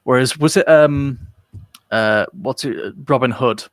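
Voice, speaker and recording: A man's voice: mid-range voice, measured pace, no echo. Man from britain, podcast co-host, casual rambling chat, dry close sound. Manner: rambling, frequent fillers and restarts, jokey. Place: live online podcast recording.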